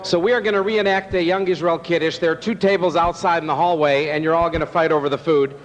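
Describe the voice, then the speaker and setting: A man acting as master of ceremonies at a banquet, telling jokes with relaxed, easy pacing. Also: on the high side, fast, long reverb tail. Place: banquet hall.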